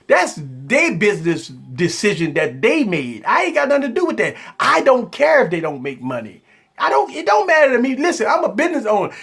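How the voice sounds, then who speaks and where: A man's voice: very high voice, gravelly, fairly bright tone, husky. A man hosting a live tech stream, talking in a rambling, repetitive, conversational way and answering viewers. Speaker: tech channel host.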